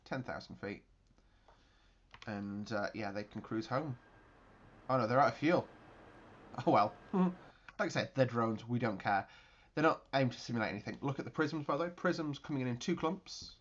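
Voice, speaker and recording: A man hosting his channel, giving chatty, excitable gameplay commentary with mouth-made explosion noises. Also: medium pitch, moderate pace, muffled recording. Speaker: video game channel host.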